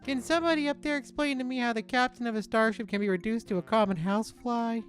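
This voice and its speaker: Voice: mid-range voice, steady tone, fast, faint music behind, pitched above the performer's own voice, natural voice. A streamer voicing a sardonic male starship captain turned into a housefly, reading game dialogue in a dry, sarcastic way.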